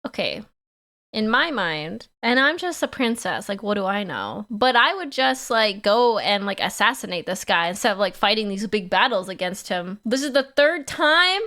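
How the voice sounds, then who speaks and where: A woman streamer giving casual reaction commentary, bubbly and excitable, peppered with "like". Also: medium pitch, normal speed.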